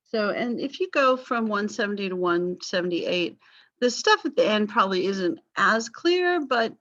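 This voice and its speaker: A woman's voice: medium pitch, fairly bright tone. A woman teaching a history class online, casual and apologetic, with many fillers. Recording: slightly dull lo-fi call audio.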